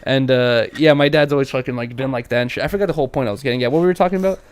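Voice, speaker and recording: A young man co-hosting a casual podcast, telling animated stories with heavy slang and acting out quotes. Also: medium pitch, rapid-fire, smooth. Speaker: podcast co-host. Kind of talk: casual chat.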